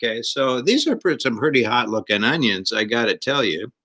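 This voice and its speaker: A man's voice: medium pitch, animated, fairly quick, pushed and bright, husky. An older man co-hosting a casual comedy chat show, rambling and joking with many fillers and restarts. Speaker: co-host.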